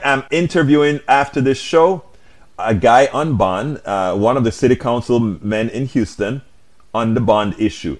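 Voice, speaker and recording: Argumentative man reading viewer comments. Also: mid-range voice. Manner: argumentative, rhetorical questions, frequent restarts. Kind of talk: live-stream political commentary.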